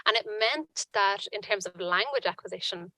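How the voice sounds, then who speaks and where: A woman giving earnest personal testimony at a conference panel, halting with frequent restarts. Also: mid-range voice, pushed and bright, dry recording, rough recording.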